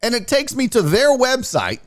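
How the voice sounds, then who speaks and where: In a live-streamed sports rant, a male host's very high-pitched voice swoops wildly as he moves at a moderate pace. He's profane and exasperated, mocking others with sing-song asides.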